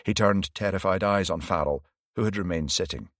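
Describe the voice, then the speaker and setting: Low voiced guy reading an audiobook, even and measured, dry close mic. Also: no room sound. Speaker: audiobook narrator. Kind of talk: scripted narration.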